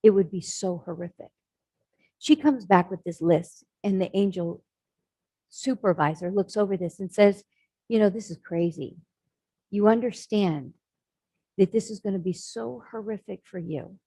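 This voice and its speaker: A woman's voice: medium pitch, unhurried, mellow, breathy edge, dry recording, rough recording. A woman telling a spiritual story as a sermon, acting out the voices of the characters in it. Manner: dramatic storyteller voicing characters. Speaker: spiritual speaker.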